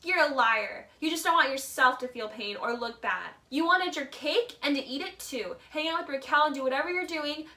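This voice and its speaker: A woman with a high, bright voice gives chatty, opinionated commentary, peppering every sentence with "like" and "literally." She drops into mock voices to act out what others said. Her voice sits a little away from the mic. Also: far from the mic. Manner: acts out quoted lines in mock voices. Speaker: reality TV commentator. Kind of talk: casual video essay commentary.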